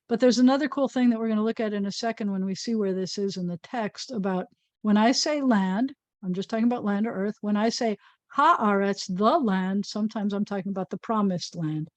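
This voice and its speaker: A woman's voice: on the high side, a little mellow, dry recording. A woman rabbi giving an informal Hebrew reading lesson, patiently sounding out letters and syllables with a playful touch.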